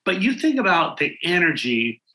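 Bright, animated man telling stories. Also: high voice, normal speed, roomy sound, rough recording. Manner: animated, acts out quoted people in his anecdotes. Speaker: guest speaker on school culture. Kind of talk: storytelling interview answers.

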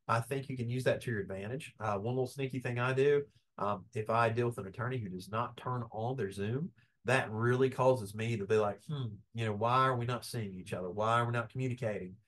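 A man giving a casual, calm webinar lecture over a video call. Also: mid-range voice. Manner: folksy, conversational, calm tone. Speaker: business law presenter. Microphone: video call webcam.

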